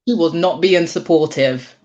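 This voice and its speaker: A woman's voice: sits low, normal speed, lo-fi sound, crowd noise. A woman speaking as a panelist and advocate, frank and emphatic, with street slang. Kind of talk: casual panel discussion.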